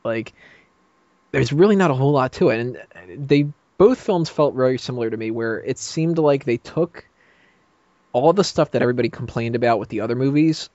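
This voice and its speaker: A man's voice: medium pitch, lively intonation, normal speed, a little mellow, no room sound. A man chatting casually on a roundtable podcast, rambling with lots of fillers and laughing often. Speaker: podcast panelist. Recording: dull lo-fi mic, dry.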